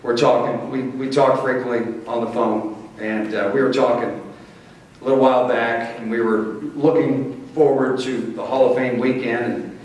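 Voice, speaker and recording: A man's voice: mid-range voice, steady tone, moderate pace. A middle-aged man from Missouri, giving a folksy acceptance speech as a motivational speaker. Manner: folksy, warm storytelling with playful crowd asides. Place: large banquet hall. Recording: echoey hall, distant mic, faint hiss.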